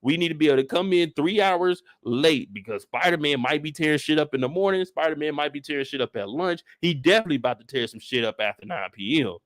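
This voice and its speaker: A man with a high-pitched voice tears into a comic rant, animated and exasperated, with frequent cursing. The sound is dry and close, with no room echo. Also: fast talker, few pauses. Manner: animated, profane, exasperated storytelling. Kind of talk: comedic rant.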